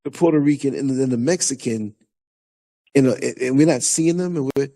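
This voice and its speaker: A man with a New York accent hosting a podcast, talking in a loose, animated way with lots of restarts. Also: mid-range voice, fairly quick. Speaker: podcast host. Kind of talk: casual conversation.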